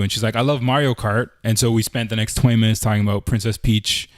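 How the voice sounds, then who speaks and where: A man's voice: on the low side, fairly even intonation, fast, dry recording, clean studio sound. A man co-hosting a podcast, telling a story in a loose, rambling way full of "like" and "I'm like". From Canada. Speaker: podcast co-host. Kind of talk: casual podcast chat.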